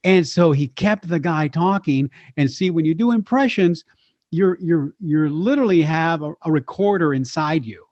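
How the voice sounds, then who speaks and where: Animated male impressionist telling stories. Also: fairly high pitch, normal speed, no room sound. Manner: animated storyteller, slips into voices. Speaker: voice actor and impressionist, guest. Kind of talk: storytelling chat. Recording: slightly dull lo-fi sound.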